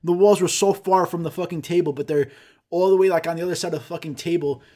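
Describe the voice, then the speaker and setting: A man's voice: fairly high pitch, steady tone, quick pace, warm tone. A young man telling a rambling, profane comic story in casual chat, throwing in sound effects.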